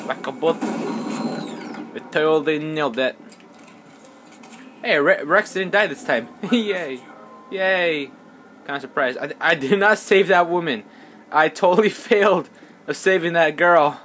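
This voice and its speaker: A man's voice: a little high, a little slow, long pauses, a bit bright, slight background noise. A man giving casual let's play commentary while he plays, rambling and mocking himself, sometimes mumbling words over and over under his breath. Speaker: gamer.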